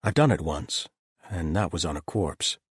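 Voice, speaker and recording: A man's voice: deep voice, moderate pace, slightly rough, no echo, clean studio sound. A man voicing a blunt, exasperated male doctor who talks frankly and rants.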